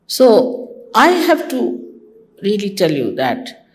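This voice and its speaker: A woman's voice: mid-range voice, huge pitch swings, takes it slowly. An older woman from India, a spiritual teacher giving a conversational devotional talk to her followers, teasing and mimicking others. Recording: archival talk recording.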